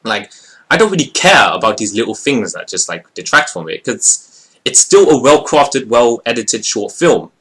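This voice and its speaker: A young man giving a casual, rambling video review of a friend's short film, expressive and full of fillers. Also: mid-range voice, moderate pace.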